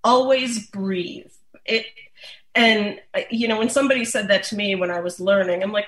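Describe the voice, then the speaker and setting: A woman explaining dog massage in a relaxed, chatty way, with many fillers and restarts. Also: mid-range voice, moderate pace. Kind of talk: casual instructional talk. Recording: roomy echo.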